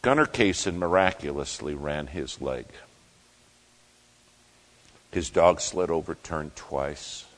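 A male preacher with a very low voice tells a story from the pulpit. He delivers it slowly and dramatically, leaning into each moment. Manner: dramatic storyteller, acts out the quotes.

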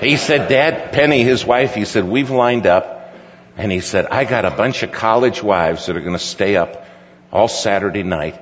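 A man's voice: on the low side, normal speed, slight background noise. A middle-aged male pastor telling a folksy story in a sermon, quoting his son at length. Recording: dull recording with hall reverb.

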